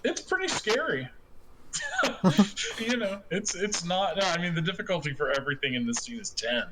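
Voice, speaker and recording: A man's voice: high voice, expressive, normal speed, noisy background. A man running an online tabletop game as game master, chuckling and rambling as he narrates.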